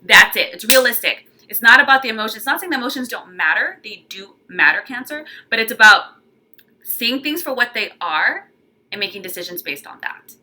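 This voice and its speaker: A young woman giving a casual tarot forecast, chatty and animated, often acting out quoted voices. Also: fairly high pitch, fairly quick. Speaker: tarot reader.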